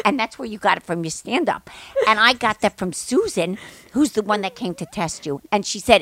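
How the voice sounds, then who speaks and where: A middle-aged woman, chatting on a podcast with her daughter in an animated, indignant way. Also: mid-range voice, normal speed, dry recording. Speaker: podcast co-host, mother. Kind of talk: casual chat.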